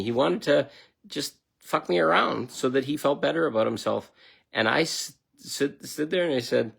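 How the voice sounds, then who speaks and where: Gravelly-voiced blunt middle-aged man. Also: medium pitch, lively intonation, normal speed. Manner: blunt, emphatic, swears freely. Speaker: self-help speaker. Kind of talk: motivational self-help monologue.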